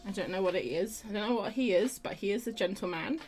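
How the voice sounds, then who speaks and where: A woman's voice: medium pitch, fast, darkish tone. Young woman, chatty livestream host, rambling casual talk, faint music behind. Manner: chatty, rambling, greets viewers by name. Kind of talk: casual chat while drawing.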